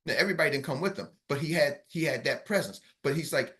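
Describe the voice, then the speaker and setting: A man with a high, forceful voice gives a pep talk as a business coach on an online call. He is middle-aged and energetic, and he repeats his points and asks his listeners again and again whether they are with him. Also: fast. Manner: energetic, repetitive, keeps asking the audience if they follow.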